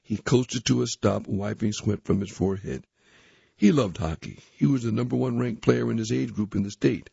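A man reading a youth magazine aloud, articles and a story, in a plain, steady manner. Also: mid-range voice, normal speed, gravelly, breathy edge, no echo. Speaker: reader. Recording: dull, dry recording.

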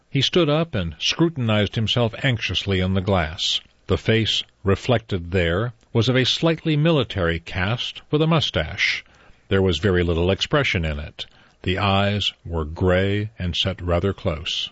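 A man reading a novel aloud as narrator, measured and even, in a dull, dry recording. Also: low-pitched, no room sound. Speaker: audiobook narrator. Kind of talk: scripted narration.

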